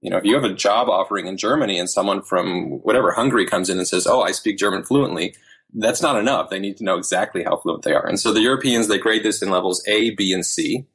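Husky low-voiced man telling stories. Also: quick pace, few pauses. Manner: animated storytelling with quoted asides. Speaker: guest, language learning author. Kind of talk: casual interview chat.

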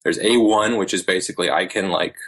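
A man in his thirties, a language learning author, chatting casually as an interview guest with lively quoted asides. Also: sits low, brisk. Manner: animated storytelling with quoted asides.

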